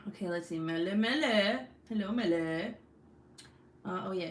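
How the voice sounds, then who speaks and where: A woman's voice: mid-range voice, normal speed, a little hiss or hum. A young woman hosting a casual craft livestream, chatting and reading comments aloud in a rambling, swearing way. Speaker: craft channel host.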